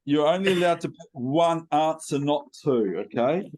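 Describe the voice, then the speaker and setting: Kiwi guy hosting an interview, bit high pitched, chatty and jokey. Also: moderate pace, a little mellow. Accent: New Zealand. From New Zealand. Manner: chatty, playful, jumps between asides. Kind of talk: casual interview chat.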